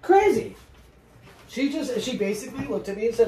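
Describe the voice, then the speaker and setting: A woman vlogger chatting casually while she paints, soft-spoken and reflective, often trailing off mid-sentence. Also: mid-range voice, expressive, normal speed, pauses often. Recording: roomy echo with faint noise.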